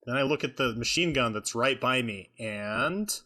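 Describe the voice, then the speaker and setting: A man's voice: medium pitch, animated, moderate pace, pushed and bright. A man playing in a tabletop game, eager and easily amused, often unsure of the rules. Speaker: player. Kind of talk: casual tabletop play.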